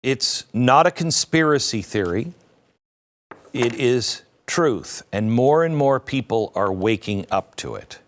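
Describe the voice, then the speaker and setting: Male talk-show host, slow delivery with a lot of pitch swing, sarcastic political commentary. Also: expressive. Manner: sarcastic, mocking asides.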